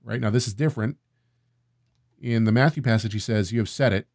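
A man co-hosting a casual scripture discussion, reading passages aloud and thinking out loud, often checking in with "right?". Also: lowish voice, fairly quick, no room sound, clean studio sound. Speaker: co-host of a Bible discussion.

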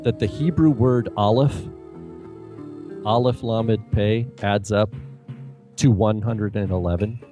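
A man's voice: fairly low pitch, slow, long pauses, over music. A man co-hosting an online radio show, making dry, matter-of-fact quips in casual chat. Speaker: co-host presenting a segment.

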